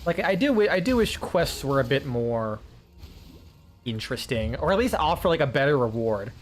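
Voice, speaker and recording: A man's voice: medium pitch, sing-song, normal speed. A man casually commenting while playing a game on stream, rambling with lots of filler words and frequent swearing.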